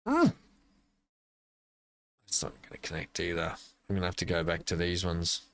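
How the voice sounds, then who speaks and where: A man's voice: sits low, huge pitch swings, moderate pace, creaky, fairly bright tone. An Australian man giving casual gameplay commentary as a channel host, rambling playfully and talking to himself as he builds.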